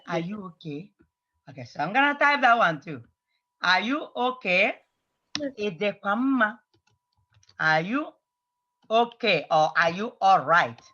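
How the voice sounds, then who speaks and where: Teacher drilling phrases, bright crisp tone, muffled online class audio. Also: mid-range voice. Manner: patient, repeats phrases slowly for drilling. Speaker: language teacher. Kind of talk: online language lesson.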